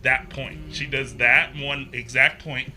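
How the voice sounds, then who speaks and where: A man guest on a podcast, telling a personal story in a casual, animated way, acting out the voices he quotes and using plenty of fillers. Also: medium pitch, slow, a little hiss or hum. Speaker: podcast guest, haunted maze builder.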